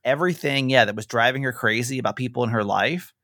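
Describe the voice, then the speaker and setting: A man's voice: medium pitch, fast talker, pushed and bright, no room sound, studio quality. A man co-hosting a podcast, chatting casually, rambling and restarting his sentences and laughing easily. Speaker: podcast co-host.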